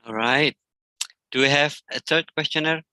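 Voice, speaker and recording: A woman moderates an online Q&A, handing the floor to each questioner in brisk, short cues. Her voice sits very low yet sounds bright and forward. The audio is dry and close. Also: no echo.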